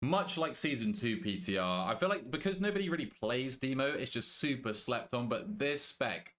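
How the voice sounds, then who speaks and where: A young British man streaming a game, chatting casually with his viewers, joking, swearing and thinking out loud. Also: mid-range voice, animated, moderate pace. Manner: banters with chat, swears casually, thinks aloud. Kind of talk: casual live-stream chat.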